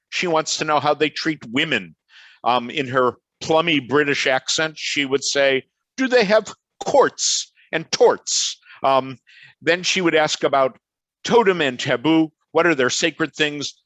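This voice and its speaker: A man's voice: a little high, fairly bright tone, dry recording, poor audio. Older Chicago man lecturing conversationally. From Chicago, USA. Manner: conversational, anecdotal and digressive. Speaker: professor giving a lecture. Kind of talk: online lecture. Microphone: video call.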